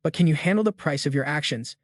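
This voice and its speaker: Cold ruthless young hero, as a narrator reads him. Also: male voice, on the high side, fast talker, dry recording, studio quality, lightly acted. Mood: menacing. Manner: cold, menacing and flat.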